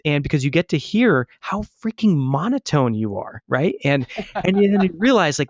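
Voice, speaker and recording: A man coaching on a webinar, energetic and encouraging, smiling as he talks. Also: a little high, moderate pace, hardly any pauses, dry recording. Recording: dry, dull lo-fi webinar audio.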